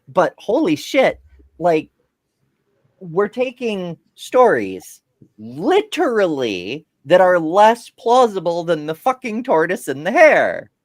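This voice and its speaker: A man in the middle of a casual podcast panel chat. He tells stories in a lively, swearing rush, his pitch swinging widely from line to line. The sound is dry and close, with no room around it. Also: slow pace, no room sound. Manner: profane, animated storytelling. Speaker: podcast co-host.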